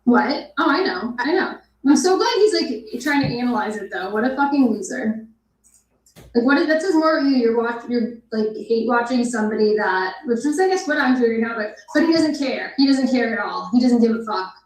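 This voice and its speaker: A woman tears into someone during live reaction commentary, full of mockery and profanity. Her voice sits slightly high. The sound is echoey and roomy. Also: animated, a little fast. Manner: mocking, profane, scornful. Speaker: commentary host.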